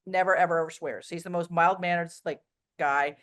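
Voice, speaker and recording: Blunt, animated woman telling stories. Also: on the low side, a little fast. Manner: blunt, animated storyteller with many "like" fillers. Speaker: interview guest. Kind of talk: casual interview chat.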